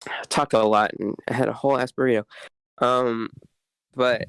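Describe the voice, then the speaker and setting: A man's voice: mid-range voice, steady tone, normal speed, a bit bright, smooth, dry recording, low-quality recording. A young man co-hosting a podcast, telling a story casually with lots of fillers. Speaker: podcast co-host. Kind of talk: casual chat.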